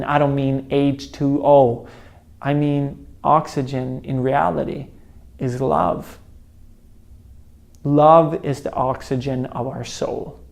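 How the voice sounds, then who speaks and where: A young man tells a personal story in a motivational talk. He is animated and acts out the other people's voices and sounds as he goes. His voice sits in the middle range. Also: medium pitch, creaky. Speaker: motivational speaker.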